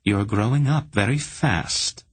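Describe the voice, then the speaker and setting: A composed, watchful aunt, as a male narrator reads her. The voice stays low and husky, read close and dry. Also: measured pace, no echo. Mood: calm. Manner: calm, penetrating. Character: stern, perceptive aunt, woman.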